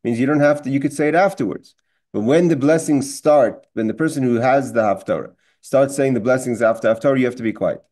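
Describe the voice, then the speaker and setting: A man's voice: medium pitch, a little fast, a little mellow. A man teaching a Torah class who reads Hebrew lines from a text and explains each in plain English, with frequent restarts.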